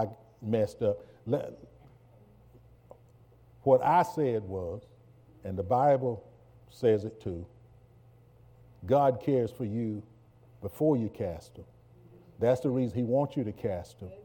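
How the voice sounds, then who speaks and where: Male pastor, sermon, slow and mellow, bursts into shouting. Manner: preaching, swings from low and slow to loud shouted bursts; repeats words and stammers when excited. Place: church.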